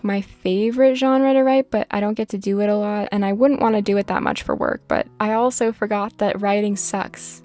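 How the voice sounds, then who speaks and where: A woman's voice: medium pitch, warm tone. A woman chatting casually while playing a life-sim game, rambling from topic to topic, sarcastic, swearing at the game now and then. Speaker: gaming vlogger.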